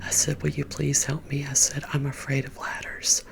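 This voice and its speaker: A woman with a Southern US accent, rambling and confiding in a soft whisper as she tells an ASMR story to her viewers, close to the microphone. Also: rumbling low, monotone, moderate pace, vocal fry. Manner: confiding, rambling, talks to viewers as "you guys". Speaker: ASMR creator.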